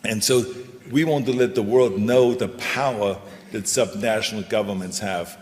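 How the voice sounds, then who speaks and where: Emphatic male panel speaker, somewhat low voice, hall echo on the recording. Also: moderate pace. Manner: emphatic, repetitive, motivational. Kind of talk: stage panel talk. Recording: reverberant hall.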